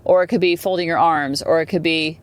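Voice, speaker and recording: A woman in her forties hosting a parenting podcast, talking casually in a chatty, rambling way with animated asides. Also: low-pitched, a little fast, clear, resonant tone. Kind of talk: casual solo podcast talk.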